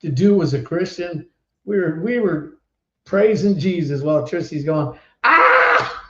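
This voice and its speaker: A man hosting a casual podcast chat, telling stories in an animated way and laughing often. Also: on the high side, moderate pace. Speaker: podcast host. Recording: roomy, dull online stream audio.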